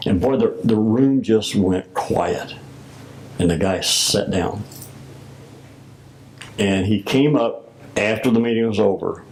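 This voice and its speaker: An older man with a low voice and a gravelly edge tells his story at an unhurried pace. He recalls old conversations and plays out both sides of each exchange as he goes. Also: darkish tone, slight background noise, low-quality recording. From United States. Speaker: former Masonic grand master. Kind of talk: oral history recollection.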